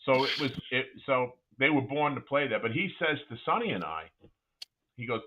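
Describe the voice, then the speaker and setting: A middle-aged man, a former college basketball player, telling animated anecdotes as a guest with frequent restarts. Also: medium pitch, moderate pace, a little hiss or hum. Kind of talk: casual interview storytelling. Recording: tinny phone-like line.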